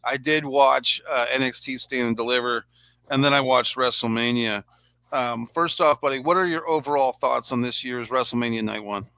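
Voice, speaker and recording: Bright-voiced sarcastic man. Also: medium pitch, normal speed, smooth, no echo. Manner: rambling, sarcastic, chatty. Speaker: podcast host. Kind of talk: casual wrestling review chat.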